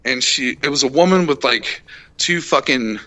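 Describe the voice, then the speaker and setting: Young guy ranting a road rage story on his podcast, swears a ton, bright punchy voice. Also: medium pitch, lively intonation, normal speed. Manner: profane, heated retelling, acts out shouted quotes. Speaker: podcast host. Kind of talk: casual storytelling chat.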